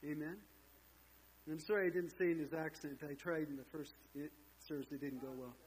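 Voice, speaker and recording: A man's voice: fairly high pitch, fairly even intonation, fairly quick, a little mellow, poor audio. A man preaching a sermon as pastor, telling a story with casual asides to the congregation.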